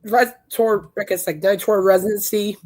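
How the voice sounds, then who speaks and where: A woman podcast host, hoarse from singing, talking in a chatty, emphatic and indignant way. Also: medium pitch, steady tone, moderate pace, a little mellow. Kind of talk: casual chat.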